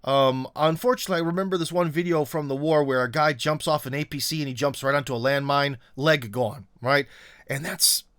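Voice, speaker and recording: A man's voice: fairly high pitch, brisk, fairly bright tone, dry recording, clean studio sound. A man hosting a casual political commentary monologue, rambling with many fillers and restarts, and often sarcastic.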